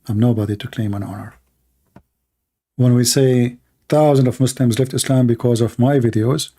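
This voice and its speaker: A man hosting a livestream, preaching in short emphatic phrases, his voice worn and going hoarse. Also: mid-range voice, mellow. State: losing his voice. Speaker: livestream host. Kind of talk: impassioned preaching monologue.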